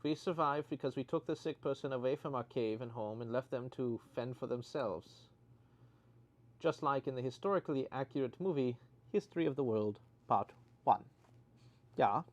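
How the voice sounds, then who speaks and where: A man's voice: mid-range voice, darkish tone. Dry, sarcastic man hosting a livestream. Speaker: livestream host reading viewer comments. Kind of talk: casual chat.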